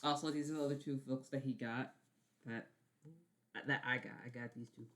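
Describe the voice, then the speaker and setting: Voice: medium pitch, fairly even intonation, fairly quick, a bit bright, slight background noise. A vlogger ranting casually about favorite films, rambling, repeating words, swearing and often apologizing. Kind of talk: casual film-review vlog.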